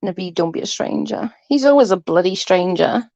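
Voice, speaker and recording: A woman's voice: medium pitch, lively intonation, a little fast, creaky, darkish tone, no room sound, highs cut off. A woman, congested from hay fever, chatting casually with her livestream viewers and reading out their comments, swearing freely and giggling. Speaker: livestream host reading chat. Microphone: close computer mic.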